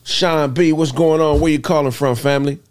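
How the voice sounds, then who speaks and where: A man's voice: fairly high pitch, fairly even intonation, normal speed. A man hosting a casual call-in show, laid-back and slangy, laughing along with callers. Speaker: host.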